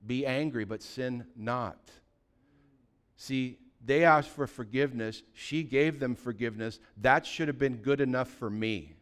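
A man in his fifties from California, a pastor telling a personal story in a lively, anecdotal way, with sudden loud bursts. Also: medium pitch, a little slow, smooth. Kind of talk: sermon storytelling.

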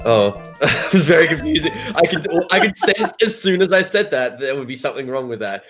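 A man's voice: a little high, big pitch swings, fairly quick, a bit bright, faint music behind. A man hosting a podcast in casual chat, playful and laughing often. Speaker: podcast host.

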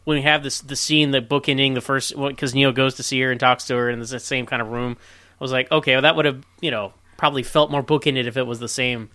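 Chatty bright-voiced trivia man. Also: mid-range voice, fast talker, dry recording. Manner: chatty, animated, laughs often. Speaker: podcast co-host sharing film trivia. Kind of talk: casual chat.

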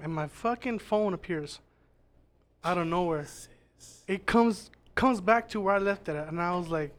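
A man's voice: high-pitched, normal speed, fairly bright tone. A man telling a ghost story in casual, rambling podcast chat, swearing often and restarting his sentences. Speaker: podcast guest.

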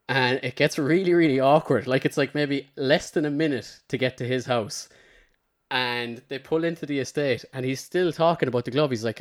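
A man's voice: mid-range voice, fairly quick. An Irish man hosting a podcast, telling a long, rambling anecdote in a casual way and slipping into the voices of the people in his story. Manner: rambling storyteller, slips into character quotes. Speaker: podcast host.

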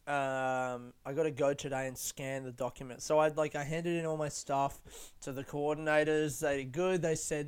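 A man's voice: fairly high pitch, level tone, moderate pace, clean tone. A young man hosting a casual solo podcast, rambling, swearing and poking fun at himself. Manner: rambling, sweary and self-mocking. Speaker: podcast host.

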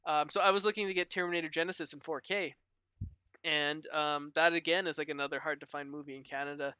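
A man's voice: on the high side, steady tone, fast, bright, forceful tone, smooth, dry recording, muffled recording. A man co-hosting a podcast in casual chat, talking in a loose, chatty way with many "like" fillers and frequent laughs. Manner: chatty, heavy use of "like" fillers, laughs often. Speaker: podcast co-host.

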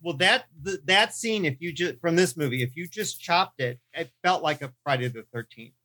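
A man co-hosting a casual film review podcast, chatty and animated, often laughing and restarting his sentences. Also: a little high, normal speed. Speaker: podcast co-host.

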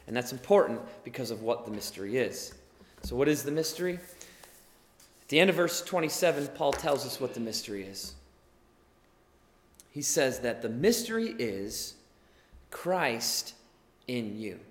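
Earnest young preacher in an echoey hall. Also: male voice, medium pitch, big pitch swings, normal speed, long pauses. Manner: earnest, explanatory, builds to emphatic bursts. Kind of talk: sermon. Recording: echoey hall with long reverb.

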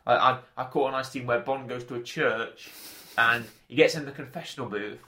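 Bright-voiced man, chatty. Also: medium pitch, steady tone, brisk. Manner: chatty, jokey, does film impressions. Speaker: film podcast co-host. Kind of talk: casual chat.

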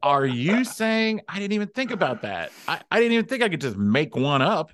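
A man's voice: on the high side, sing-song, fairly quick, a bit bright. A man co-hosting an improv comedy podcast, laughing at himself and swearing freely. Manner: self-deprecating, laughing, swears. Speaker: podcast co-host.

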